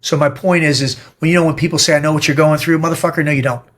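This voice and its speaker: A middle-aged man speaks as a podcast guest, blunt and emphatic, with plenty of swearing. He tells stories in a direct, forceful way. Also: on the high side, steady tone, very fast. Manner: blunt, profane, emphatic storytelling. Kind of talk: casual interview talk.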